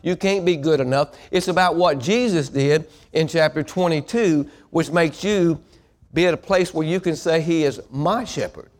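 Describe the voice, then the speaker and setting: A male pastor in full sermon, his voice sitting a little high for a man. He talks to the congregation directly and has them repeat his words back to him. He climbs into loud, emphatic preaching. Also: normal speed.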